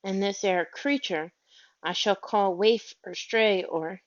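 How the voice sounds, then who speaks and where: A woman's voice: slow, natural voice. A woman voicing a fussy, tearful, haughty older lady who frets shrilly over her dog, in a storybook reading. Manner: fretful and shrill, prone to wailing. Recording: dull lo-fi audio.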